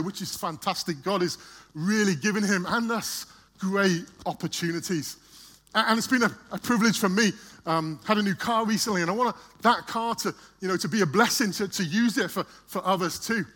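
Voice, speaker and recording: A man tells a story from the front of a church, chatting easily and stumbling over repeated words as he goes. His voice sits a little high and rings bright and forceful. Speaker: church speaker. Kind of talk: storytelling sermon.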